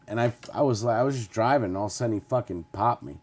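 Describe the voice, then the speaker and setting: A man in casual chat telling a story in an animated, profane way, swearing constantly. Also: mid-range voice, very fast. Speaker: podcast host.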